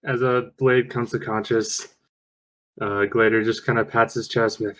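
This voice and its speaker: A man's voice: fairly low pitch, flat delivery, measured pace, a bit bright, low-quality recording. A man playing a tabletop game, describing his character's actions with hesitant, stammering speech. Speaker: player. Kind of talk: casual tabletop game chat.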